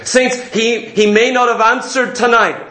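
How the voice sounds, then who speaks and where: A man's voice: extremely high pitch, fairly even intonation, a little slow, bright, forceful tone, roomy sound. A man preaching a sermon, emphatic and vivid, repeating his key points and telling stories.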